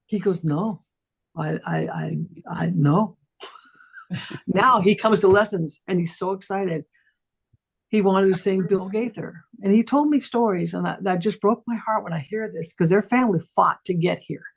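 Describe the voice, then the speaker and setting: Telling a story casually on a talk stream, a middle-aged woman who teaches voice speaks at normal speed in a husky, gravelly tone. Each quote she performs swoops widely up and down in pitch.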